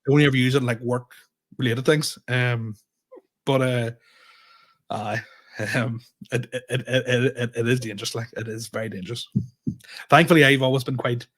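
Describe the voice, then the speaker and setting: A man's voice: mid-range voice, fairly even intonation, normal speed, pauses often, a bit bright. A man, a comedian co-hosting a podcast, telling a story in casual chat and acting out both sides of the dialogue, with plenty of swearing.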